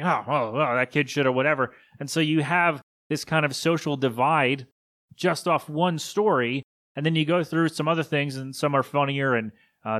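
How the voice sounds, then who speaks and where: A man's voice: on the high side, a bit bright, dry recording, studio quality. A man hosting a solo podcast, telling stories in a rambling, casual way full of fillers and restarts. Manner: rambling, casual, many fillers and self-corrections. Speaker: podcast host.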